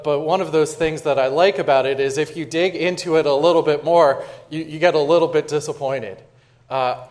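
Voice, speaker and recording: A male pastor delivering a sermon in a relaxed, talky way, with a voice sitting a touch higher than most men's. He circles back on his words and leans on fillers as he explains. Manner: conversational, self-interrupting with repeated words and fillers; dramatic recitation of quoted verse.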